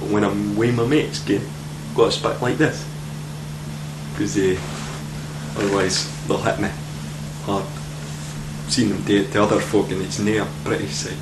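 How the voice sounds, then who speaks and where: A man with a Scottish accent putting on a gruff, sweary tough-lad voice. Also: on the low side, level tone, measured pace, pauses often, close to an everyday voice. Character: young man faking a tough ned voice. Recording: echoey room with air-conditioning hum.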